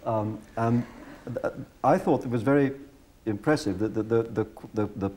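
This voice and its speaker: A man's voice: medium pitch, moderate pace, dark tone. A man interviewing a guest, listening attentively with frequent short assents and then putting his questions at length. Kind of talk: conversational interview. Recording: 1986 archival recording with faint noise.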